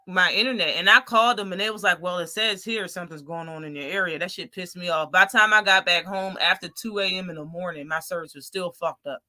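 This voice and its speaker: A woman's voice: on the low side, pushed and bright, no room sound, studio quality. A woman hosting a casual post-fight livestream, talking animatedly and profanely and mocking people with impressions. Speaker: boxing live-stream host.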